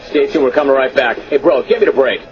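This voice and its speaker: A man's voice: medium pitch, fast, over music. A man hosting a radio talk show, reading listener emails aloud in a brash, amused, mock-exasperated way. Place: radio studio. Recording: dull lo-fi radio broadcast.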